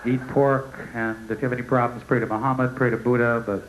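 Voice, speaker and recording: A man voicing God as a gruff, fed-up figure who dismisses him in a low, curt voice. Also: level tone, quick pace, close to an everyday voice, poor audio. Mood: dismissive. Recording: live stage show with audience noise.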